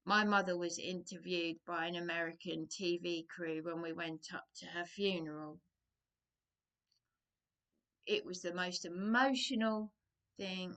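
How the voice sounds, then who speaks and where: Slow, bright-voiced woman rambling. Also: fairly low pitch. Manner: digressive, hesitant, sighing. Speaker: vlogger. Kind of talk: rambling personal monologue.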